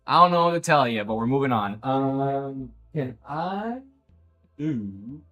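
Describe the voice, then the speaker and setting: Male streamer, casual and profane, lively pitch, slow delivery. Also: dull audio. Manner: animated, swearing, incredulous outbursts. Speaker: livestreaming painter. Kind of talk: casual livestream chat. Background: background jazz music.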